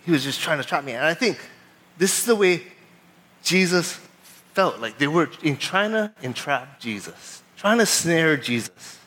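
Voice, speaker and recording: A pastor preaching a sermon, talking in a relaxed, conversational way and acting out both sides of an exchange. He speaks with a fairly high voice. When he reads scripture he slows into a steadier, measured delivery. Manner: casual storytelling, animated retelling of a traffic stop.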